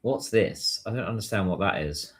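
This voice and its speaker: On his relaxed livestream, a man from the United Kingdom talks and replies to viewer messages in a British English accent. His voice is on the low side and a bit bright, delivered at normal speed.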